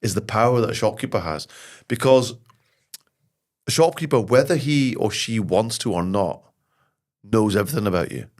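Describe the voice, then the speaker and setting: A middle-aged Scottish man, a podcast guest, telling lively anecdotes and jokes in casual conversation. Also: on the low side, normal speed. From Scotland. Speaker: podcast guest, comedy writer and actor. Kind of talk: casual interview chat.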